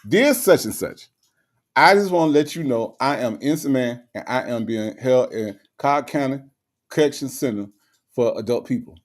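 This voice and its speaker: A man's voice: medium pitch, animated, moderate pace, close to an everyday voice. A man putting on the voice of a jailed man who keeps insisting he is innocent in broken, repetitive speech. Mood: pleading.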